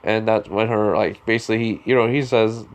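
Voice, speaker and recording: A man's voice: on the low side, steady tone, brisk. A man casually telling a spoken fan story, rambling with lots of fillers. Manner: rambling, heavy use of "you know" and "like" fillers.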